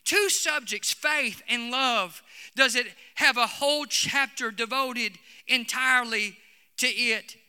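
A man preaching a Pentecostal sermon, fervent and building to shouts, with frequent "uh" between phrases. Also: very high voice, slow pace, clear, resonant tone, big-room sound. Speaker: Pentecostal pastor. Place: church sanctuary.

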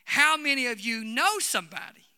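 A man's voice: extremely high pitch, very animated, moderate pace, pushed and bright, smooth, long reverb tail. A man preaching a sermon to his congregation, emphatic, repeating key phrases and calling out to the listeners. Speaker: pastor. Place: church hall.

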